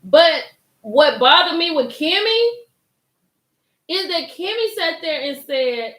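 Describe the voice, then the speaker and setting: A young woman hosting a live recap chat, animated and excitable, talking straight to her viewers by name. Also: high voice, slow pace, echoey room. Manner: animated, gets hyped and loud, talks to chat by name. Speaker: livestream host recapping a reality show.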